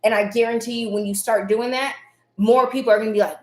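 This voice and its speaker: Earnest woman doing a motivational livestream, kinda raspy sometimes, roomy echo. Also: on the high side, fairly even intonation, brisk, a little mellow. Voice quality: says her voice can be raspy at times. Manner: earnest, repetitive, emphatic affirmations. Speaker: host of a live self-help stream. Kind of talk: motivational live-stream talk.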